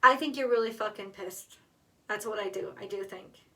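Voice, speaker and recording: A woman's voice: mid-range voice, moderate pace, sharp tone, distant mic. A woman doing a tarot card reading, talking straight to the viewer, emotional and blunt, swearing freely. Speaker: tarot reader.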